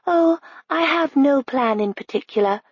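A woman voicing a cool, stoic young woman in an audiobook, speaking precisely and raising her pitch. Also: expressive, normal speed, no room sound, muffled recording. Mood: cold. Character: cold, stoic young woman, calm avenger.

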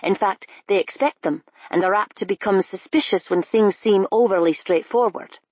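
A woman's voice: mid-range voice, moderate pace, a little mellow, slightly rough, no room sound, highs cut off, close to an everyday voice. A woman reading the part of a blunt, lecturing older constable in an audiobook. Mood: earnest lecturing. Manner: blunt, lecturing, sneering at times. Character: gruff older male Scottish constable, blunt teacher. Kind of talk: audiobook character voice.

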